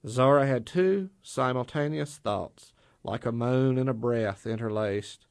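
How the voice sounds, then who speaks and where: A man narrating an audiobook story in a measured, deliberate way. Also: mid-range voice, darkish tone, dry recording, studio quality.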